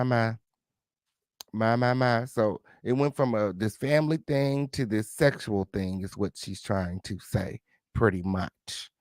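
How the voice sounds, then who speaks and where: A man's voice: medium pitch, dry recording, clean studio sound. A man hosting a live reaction commentary, sassy and chatty, talking straight to his viewers and repeating his catchphrases. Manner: repeats catchphrases, mock-dramatic asides. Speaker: host reacting to news.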